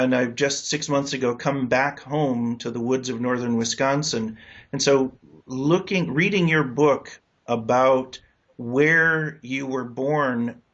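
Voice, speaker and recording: A man hosts a relaxed interview, drifting through his questions in a curious, meandering way. His voice sits at a middling pitch. The recording is muffled and lo-fi. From United States. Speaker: interview host. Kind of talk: casual interview chat. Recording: dull lo-fi recording.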